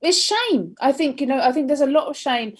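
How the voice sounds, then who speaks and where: A woman's voice: high voice, lively intonation, brisk. A British woman speaking on a live-streamed mental health panel in an earnest, chatty, encouraging way.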